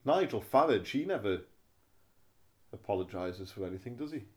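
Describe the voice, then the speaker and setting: A man's voice: lowish voice, lively intonation, normal speed, darkish tone. A man co-hosting a casual comic podcast, rambling jokily between silly voices. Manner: jokey, rambling, breaks into silly voices and sing-song. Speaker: podcast co-host.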